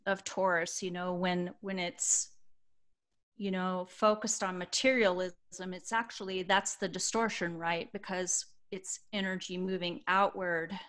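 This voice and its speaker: A woman in her fifties speaking on a video call as an astrology panelist, soft-spoken and reflective, with many pauses and fillers. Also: fairly low pitch. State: emotional, choking up.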